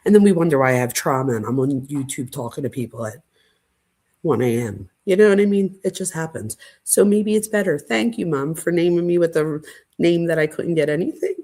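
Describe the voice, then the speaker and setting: A woman hosting a casual late-night livestream chat, gushing and excitable, dramatic by her own account, and often breathless. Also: sits low, fairly quick. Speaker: channel host.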